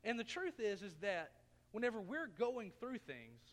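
A man's voice: sits high, big pitch swings, normal speed, fairly bright tone. A man in his thirties preaching a sermon, telling a personal story in a folksy, self-mocking way. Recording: long reverb of a church hall.

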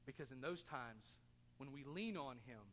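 Bright-voiced pastor preaching in a hall. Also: male voice, medium pitch, lively intonation, normal speed, slight background noise. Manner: earnest, asks the congregation questions, jokes. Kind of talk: sermon. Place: church sanctuary.

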